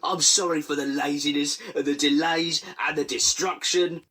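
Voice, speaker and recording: A man's voice: a little high, fairly even intonation, moderate pace, bright, forceful tone, slightly rough, pitched above the performer's own voice. A man voicing a cowardly, grovelling male railway controller in a fan-made storybook parody, whining and pleading. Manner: whiny, pleading, nervous.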